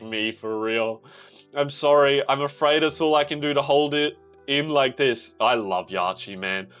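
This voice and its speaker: An excitable young man talks through a manga chapter, reading the panels aloud and cursing freely. His voice sits at a middle pitch, and he keeps breaking into sudden shouts. Faint music plays softly behind him. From Australia. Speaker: manga reaction creator. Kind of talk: casual reaction commentary, reading manga aloud.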